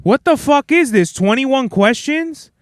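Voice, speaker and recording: A young man hosting a podcast, telling stories in a blunt, profane, animated rant. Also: very high voice, measured pace, no echo. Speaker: podcast host. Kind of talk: casual ranting monologue.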